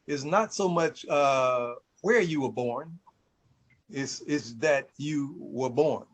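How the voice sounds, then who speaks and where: A man's voice: medium pitch, slow pace, low-quality recording. A man hosting a casual conversation and telling stories with frequent laughter. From Mississippi, USA. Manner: storytelling, laughs often. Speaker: host.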